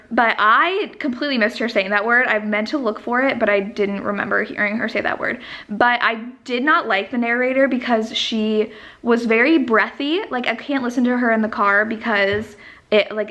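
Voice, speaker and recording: A woman's voice: fairly high pitch, pushed and bright. A young woman chatting casually in a book vlog, gushing and rambling with many fillers. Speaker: book vlogger.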